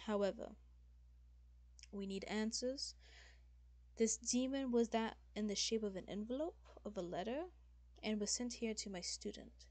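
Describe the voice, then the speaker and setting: A woman voicing a calm, formal male demon lord who speaks politely and in a measured way. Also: mid-range voice, slightly rough.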